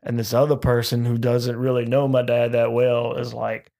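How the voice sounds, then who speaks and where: A man's voice: mid-range voice, monotone, vocal fry, mellow. A man, a guest comedian chatting casually on a podcast, rambling with many restarts. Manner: rambling, halting, full of restarts.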